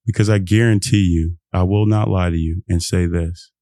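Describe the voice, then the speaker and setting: A man's voice: deep voice, moderate pace, no echo, studio quality. A young man from Texas hosting his own podcast, giving a rambling, preachy motivational rant that jumps between thoughts and breaks into laughs. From Texas, USA. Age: young adult. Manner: animated, emphatic, laughs often. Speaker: podcast host.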